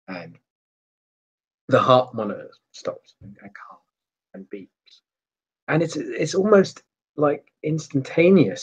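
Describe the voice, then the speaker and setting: Husky-voiced man narrating as game master. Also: medium pitch. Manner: halting, searching for words. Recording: dull lo-fi sound.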